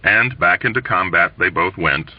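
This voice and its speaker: A man reading a novel aloud as an audiobook, telling the story in an expressive, lively way. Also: sits low, normal speed, dry recording. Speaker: audiobook reader. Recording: dull lo-fi dry recording.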